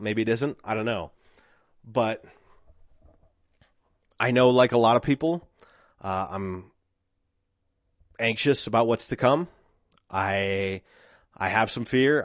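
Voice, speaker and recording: A man's voice: on the low side, dry recording. A man in his thirties hosting a solo podcast, talking in a reflective, rambling way with restarts. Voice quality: dry mouth. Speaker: podcast host.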